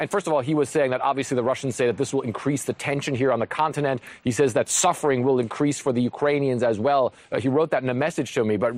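A man giving a live field report as a foreign correspondent, brisk and informal in his delivery. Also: medium pitch, darkish tone, no room sound.

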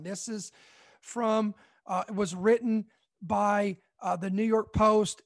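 A young man from Kentucky reading out news items and commenting on them emphatically, often repeating points slowly for effect. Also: sits high. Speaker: online commentary host.

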